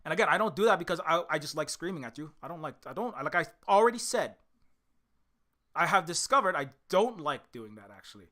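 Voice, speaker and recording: An indie game developer ranting on a livestream, swearing a lot, swinging from loud shouting to low muttering, with strained vocal cords. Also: lively intonation, brisk.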